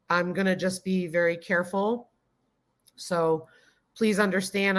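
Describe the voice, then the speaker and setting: A woman hosts a casual stream in a fairly low, slightly bright voice. She says hello to viewers by name, reads the chat aloud, and is gushingly grateful.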